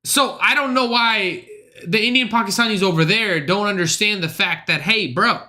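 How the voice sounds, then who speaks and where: A man's voice: high voice, moderate pace, sharp tone. A young man streaming, reacting to clips in casual, profane, slangy commentary. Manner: slangy, talks over clips, says bro a lot.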